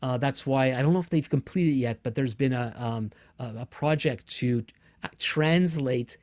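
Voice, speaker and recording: A man's voice: mid-range voice, normal speed, darkish tone. A middle-aged man teaching a Bible survey course in a casual, self-correcting way that sometimes laughs at himself. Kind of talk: teaching lecture.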